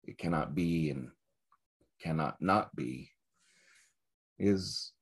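A man giving a dharma talk as a Zen teacher, reflective and searching, with soft laughs. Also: rumbling low, slow pace, husky.

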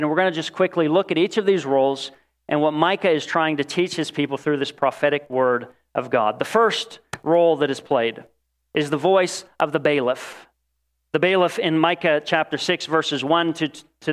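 A man delivering a sermon in a fairly high voice. He preaches expressively, rising to emphatic lines and falling to quiet, drawn-out ones. He dramatizes the quoted voices in the text. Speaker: pastor.

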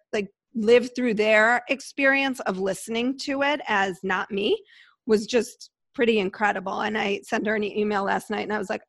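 A woman chatting casually about her podcast, with animated storytelling and lively quoted asides. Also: fairly high pitch, dry recording. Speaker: podcast host and guest. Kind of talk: casual conversation.

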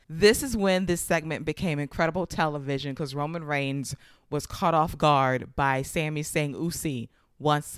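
A woman hosts a recap podcast in a slightly low voice. She gushes with excitement and swears freely. Her voice is recorded close up on a dry mic. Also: clean tone, no room sound. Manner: excitable, profane, gushing. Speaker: podcast host.

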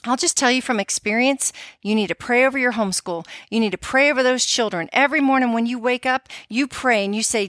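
A woman's voice: fairly high pitch, a little fast, a bit bright, dry recording, studio quality. A middle-aged woman leading a devotional prayer for mothers, then chatting informally with encouraging, conversational fillers. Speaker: prayer ministry leader for mothers.

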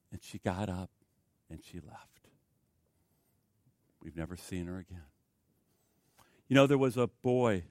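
A man preaching a sermon, telling stories and acting out dialogue, swinging from loud exclamations to hushed, near-whispered lines. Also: lowish voice, lively intonation, unhurried, long pauses, dry recording. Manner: acts out quoted dialogue. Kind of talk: sermon with storytelling.

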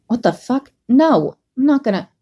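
A woman reading a story aloud, voicing a gruff, hot-tempered young man with a low, growling delivery. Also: lively intonation, moderate pace, dark tone. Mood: exasperated.

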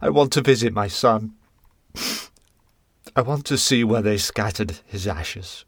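An actor playing a drunk, grieving father who is bitter and agitated and whose voice breaks into shouts. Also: lowish voice, unhurried, husky, no echo.

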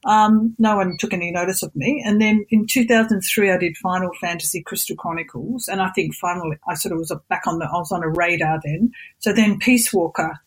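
A middle-aged Australian woman, a voice actress chatting as an interview guest, telling animated stories and mimicking voices. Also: fairly low pitch, fairly quick, slightly rough, low-quality recording. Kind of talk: casual interview chat.

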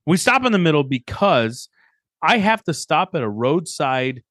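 A man's voice: fairly high pitch, big pitch swings, unhurried, fairly bright tone, dry recording. Joking man telling stories, dry sound. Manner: storytelling, joking, acts out quotes. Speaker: podcast co-host. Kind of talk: casual chat.

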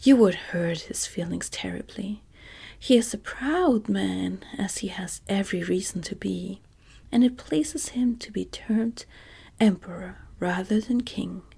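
Cast: woman voicing earnest storybook scarecrow in whispered role-play, breathy. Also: medium pitch, a little slow, dark tone, exaggerated voice. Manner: earnest, eager. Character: cheerful talkative male scarecrow.

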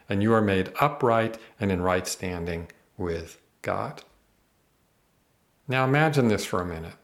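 A man teaching the Bible on a podcast, earnest and emphatic, reading verses aloud and explaining them. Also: on the low side.

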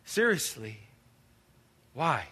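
A man's voice: mid-range voice, sing-song, drawn-out words, bright, forceful tone, slightly rough, heavily acted. A man acting as an anxious, overwhelmed churchgoer who pleads with God, exasperated and stammering as he talks. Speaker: actor in skit. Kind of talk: church drama monologue. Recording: reverberant hall.

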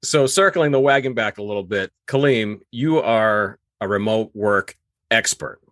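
A man's voice: fairly low pitch, measured pace, a bit bright, no room sound. A man in his forties from Maine, co-hosting a podcast with playful, theatrical chatter. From Maine, USA. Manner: playful, theatrical, hammy greetings. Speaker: podcast co-host. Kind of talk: casual podcast chat.

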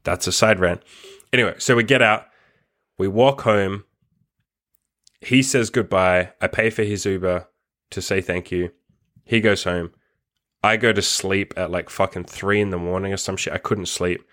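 A man's voice: sits low, fairly even intonation, normal speed, pauses often, a bit bright. A man telling a personal story in a casual monologue, swearing heavily, laughing between lines and filling gaps with "like". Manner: loose, rambling delivery full of "like". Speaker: podcast host.

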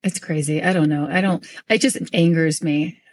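A young woman hosts a relaxed podcast conversation, her voice sitting a touch low for a woman. She talks with animated energy, circling back and restarting phrases as she thinks out loud. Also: normal speed. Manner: animated, repeats herself often while working through thoughts. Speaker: podcast host and business coach. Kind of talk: casual conversational interview.

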